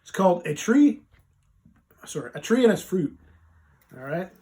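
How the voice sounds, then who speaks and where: A man's voice: high voice, very animated, moderate pace, warm tone. Folksy man rambling casually. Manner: rambling, folksy, many fillers and restarts. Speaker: vlogger reading a Bible passage. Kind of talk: casual live vlog with scripture reading.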